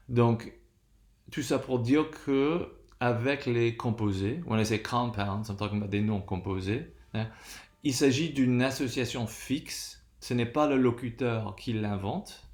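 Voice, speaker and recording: Male lecturer, mid-pitched, roomy echo. Checks in constantly with his students and switches between English and French. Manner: checks in with frequent tag questions. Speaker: teacher. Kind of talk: classroom lecture. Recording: echoey room.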